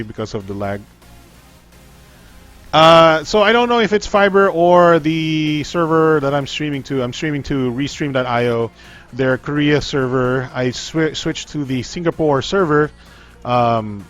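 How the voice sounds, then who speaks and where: A man's voice: medium pitch, a bit bright. A man hosting a casual tech livestream, rambling with frequent ums, restarts and trailing-off sentences.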